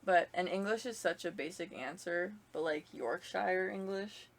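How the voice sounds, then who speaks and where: A woman's voice: on the low side, moderate pace. A young woman hosting a casual podcast with friends, talking in a chatty way that leans on "like". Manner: chatty, leans on "like", laughs often. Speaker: podcast host. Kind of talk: casual chat among friends.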